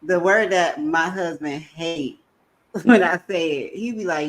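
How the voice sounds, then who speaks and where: A woman's voice: on the low side, a little slow. A woman co-hosting a casual live chat, laughing often at herself. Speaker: livestream co-host.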